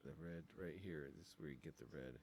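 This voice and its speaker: A man's voice: very deep voice, a little fast, darkish tone, a little hiss or hum. A man teaching design, talking through files on a screen capture in a casual, thinking-aloud way with many ums. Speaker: design instructor.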